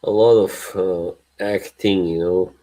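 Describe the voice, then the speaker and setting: Slow, deep-voiced man chatting on a stream. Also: fairly even intonation, dark tone, rough recording. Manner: rambling, laughs often between remarks. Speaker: livestream host. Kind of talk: casual chat.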